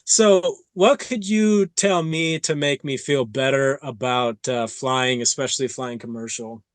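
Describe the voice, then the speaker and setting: A man hosting an interview podcast, telling stories in an animated way and acting out his own quotes. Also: medium pitch, a little slow, no room sound. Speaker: podcast host. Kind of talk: casual interview chat.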